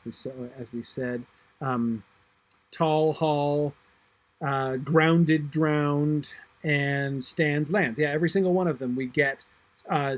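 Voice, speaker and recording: A man teaching a literature class, reading verse aloud slowly and thinking aloud with many fillers and restarts. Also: fairly high pitch, slightly rough, no echo. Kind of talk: online class discussion of a poem.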